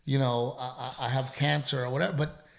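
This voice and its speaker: A man's voice: mid-range voice, little pitch movement, fast, gravelly. A man, a comedian, chatting casually on a podcast and telling a story with emphatic, swearing delivery while sounding congested. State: congested, sick.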